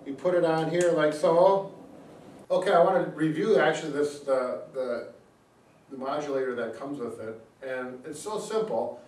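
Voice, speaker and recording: A man's voice: a little high, normal speed, a little mellow, a little hiss or hum. A man, a physical therapist, gives a casual product demonstration and explains things step by step with frequent fillers. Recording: echoey room, mic at a distance.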